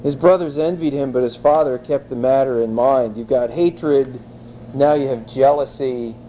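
A man preaching an expository sermon in a lively, conversational way, with wry, blunt asides. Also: mid-range voice, moderate pace, slight background noise, rough recording.

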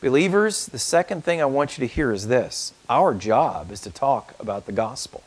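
A man's voice: animated, normal speed, few pauses. A man preaching a sermon and reading scripture aloud in an earnest manner, lifting his voice on the verses. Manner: earnest, lifts pitch when reading verses.

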